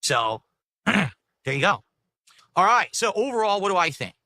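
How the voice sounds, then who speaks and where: A man's voice: high voice, big pitch swings, a little slow, bright, forceful tone. A man recapping a video game trailer as a YouTuber, matter-of-fact with dismissive asides.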